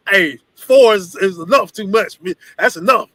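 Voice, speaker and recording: A man teaching a congregation in an animated, profane, storytelling preaching style. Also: high voice, normal speed, few pauses, dry recording, poor audio. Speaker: religious teacher.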